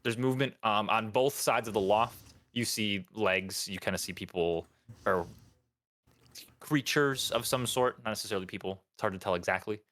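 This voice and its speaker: Male game master, lowish, bright tone, halting scene narration. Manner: halting, many ums, loose and unhurried. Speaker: dungeon master. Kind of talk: describing scenes for a tabletop game.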